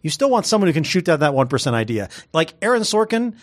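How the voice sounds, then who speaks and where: Male co-host, higher voice, lively delivery, reads listener mail with a joking edge. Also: fast talker. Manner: animated, joking, reads listener notes aloud. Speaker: podcast co-host reading listener messages. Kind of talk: casual chat.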